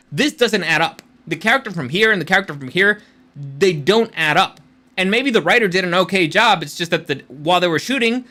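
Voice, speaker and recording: Bright, high-voiced man ranting casually. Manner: rambling, blunt, swears freely. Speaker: channel host and screenwriter. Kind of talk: casual rant-style commentary.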